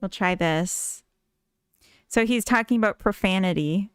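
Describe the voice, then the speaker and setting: A woman's voice: medium pitch, unhurried, smooth, no echo, studio quality. A Minnesotan woman chatting casually with viewers on a live stream, rambling and giggling often. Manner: giggly, rambling, full of fillers. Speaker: live-streaming game developer.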